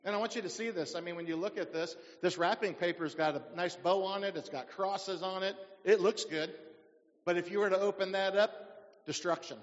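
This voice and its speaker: High-voiced pastor preaching in a hall. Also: male voice, a little fast. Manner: preaching with rhetorical questions to the congregation. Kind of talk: sermon. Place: church sanctuary. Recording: dull sound in a reverberant church hall.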